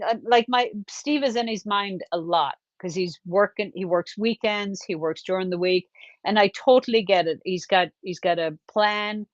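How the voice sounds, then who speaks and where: A woman's voice: mid-range voice, dry recording. A woman talks earnestly and directly about relationships, her voice in a middle register. The audio is dry and a little dull, the way a video call sounds. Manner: chatty, earnest, gives direct advice. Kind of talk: casual advice chat.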